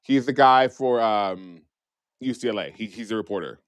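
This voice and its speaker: A man's voice: on the low side, normal speed, smooth, dry recording. Sassy, gossipy man in a dry room. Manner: sassy, gossipy, swears freely. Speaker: podcast co-host. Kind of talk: casual chat.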